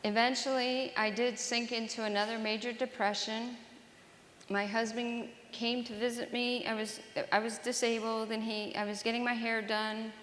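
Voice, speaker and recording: A woman's voice: fairly high pitch, little pitch movement, fairly bright tone, slight background noise. Woman sharing her story, earnest, stops and restarts a lot, big echoey hall. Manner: earnest, halting, with repeated restarts. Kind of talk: personal testimony talk to an audience. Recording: roomy hall with long reverb.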